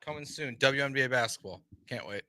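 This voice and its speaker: A male sports radio co-host who makes dry, joking remarks. His pitch moves in a lively way and his tone is bright and forceful. The sound is close and dry, as in a studio. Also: quick pace, no echo. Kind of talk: sports talk radio banter.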